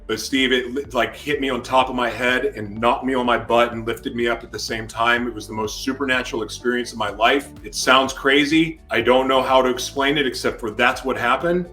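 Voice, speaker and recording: A man as an interview guest, telling a personal testimony in an animated way and acting out his own shouted words. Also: mid-range voice, normal speed, few pauses, faint music behind.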